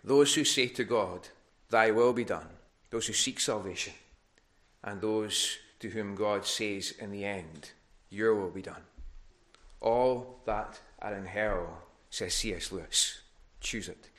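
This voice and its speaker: A man's voice: on the low side, unhurried, fairly bright tone. A man preaching a sermon in a church, earnest and given to restarts, rising in force on his appeals. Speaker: pastor.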